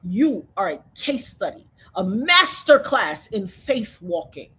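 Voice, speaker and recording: Fervent husky woman testifying. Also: medium pitch, sing-song, takes it slowly, pushed and bright. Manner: fervent, preacher-like storytelling. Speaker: guest. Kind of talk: emotional testimony in conversation.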